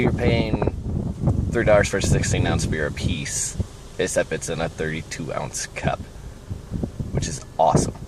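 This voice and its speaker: A man's voice: deep voice, noisy background. A young man from the United States ranting casually in a vlog, rambling and sardonic, often trailing off. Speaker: vlogger.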